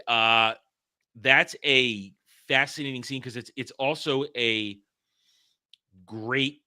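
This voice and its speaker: A man's voice: fairly low pitch, pushed and bright. A man hosting a casual film discussion, rambling and stumbling over words as he laughs along. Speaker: podcast host.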